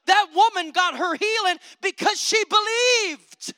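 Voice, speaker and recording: A preacher delivering an impassioned sermon, calling out for amens and swinging between loud declarations and low conversational asides. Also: a little slow, hardly any pauses, dry recording.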